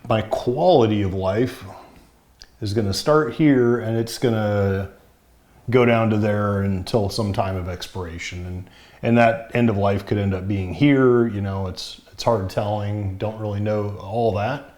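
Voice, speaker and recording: Middle-aged man, low-pitched, plainspoken vlogger, slightly short of breath. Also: fairly even intonation, unhurried, a little mellow. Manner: frank, plainspoken, wry. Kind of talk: casual talk to camera.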